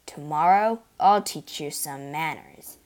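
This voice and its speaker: A woman's voice: low voice, slow, darkish tone. A woman doing D'Artagnan, a hot-headed young swordsman. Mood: defiant. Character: proud young male swordsman.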